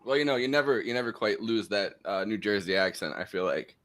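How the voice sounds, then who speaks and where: A man's voice: on the low side, lively intonation, fast talker, fairly bright tone. Casual American man hosting a podcast. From United States. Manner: loose and jokey, laughs often. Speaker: podcast host.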